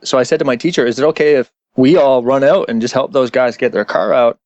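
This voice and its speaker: A man's voice: mid-range voice, steady tone, quick pace, a little mellow, no echo, lo-fi sound. A man who is a guest actor on a casual podcast interview, telling stories and laughing often.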